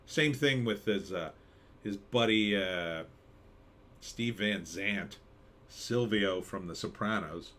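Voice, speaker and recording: A man's voice: on the low side, slow, a bit bright. A man hosting a casual live stream, reading chat and giving sarcastic commentary with mocking asides. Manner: sarcastic, jumps into mocking skits and pirate voices.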